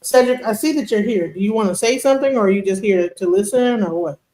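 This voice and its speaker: A woman's voice: medium pitch, fast, mellow. A woman hosts a livestream panel in a casual, conversational way with many fillers. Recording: echoey room.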